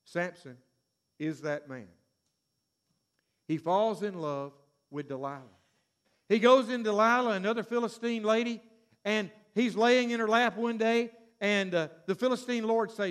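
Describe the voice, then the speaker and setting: Male preacher, high voice, dramatic sermon with hushed-to-loud swings. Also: measured pace, long pauses, clear, resonant tone.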